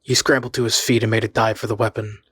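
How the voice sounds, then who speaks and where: A man reading a horror story aloud in a measured, suspenseful way. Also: fairly low pitch, level tone, fairly bright tone, husky, dry recording. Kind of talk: scripted horror story narration.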